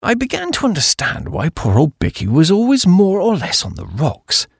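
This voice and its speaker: Gravelly, husky male audiobook narrator. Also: fairly high pitch, moderate pace, no echo, clean studio sound. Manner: very animated, expressive storytelling. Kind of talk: scripted comic audiobook narration.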